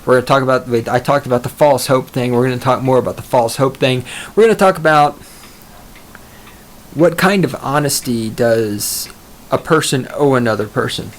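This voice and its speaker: A man's voice: medium pitch, normal speed. Male solo podcaster, rambling and swearing, self-mocking, mid-range voice. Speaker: podcast host.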